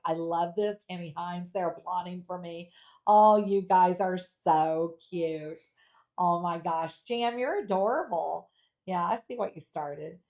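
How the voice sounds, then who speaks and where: A middle-aged woman hosts a live jewelry sale with a chatty, playful energy. She talks straight to her viewers, reads their comments aloud and keeps the pitch lively and personal. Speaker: home shopping host.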